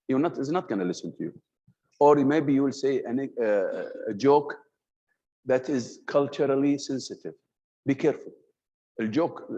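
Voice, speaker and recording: On a dull lo-fi recording, an Arabic-speaking man with a medium, breathy voice teaches a communication class. As a communication-skills trainer, he's animated, purposely raising and dropping his voice while blending Arabic words into his English.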